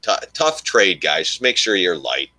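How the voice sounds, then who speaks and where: A man's voice: sits low, big pitch swings, moderate pace, sharp tone, no room sound. A man giving casual live commentary on his stock trades, rambling and thinking aloud as he talks to his viewers. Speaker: stock trading streamer.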